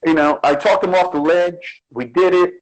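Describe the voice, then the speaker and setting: A guest artist from the Bronx, New York, talks in a high voice at a moderate pace, and the recording is rough. His interview chat is casual and he's an animated storyteller who acts out what was said.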